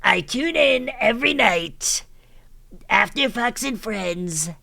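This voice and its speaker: A man putting on a smug, sarcastic political pundit voice, slow and gravelly. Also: high voice, expressive, sharp tone, voice pushed up, heavily acted.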